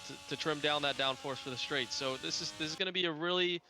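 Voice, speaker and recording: A man's voice: on the high side, fast talker, music in the background. A man who is also a driver, giving live commentary on a racing game and stumbling over his words as he restarts phrases. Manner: hesitant, many restarts and fillers.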